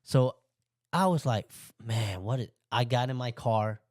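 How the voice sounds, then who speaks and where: Podcast host, male, mid-pitched, lively casual storyteller, dry close mic. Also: unhurried, no room sound. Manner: animated, voices his own thoughts with big pitch jumps; plain, conversational English with loose grammar. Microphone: podcast microphone.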